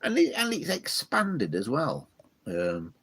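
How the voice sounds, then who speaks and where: Guy rambling thru his live chat from the loft, lots of ums, bit of a gravelly voice, pitch bouncing around. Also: huge pitch swings, slow pace, fairly bright tone. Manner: rambling, chatty, many fillers and restarts. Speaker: live stream host. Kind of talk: casual live-stream chat, reading viewer comments. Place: home loft full of old telephones.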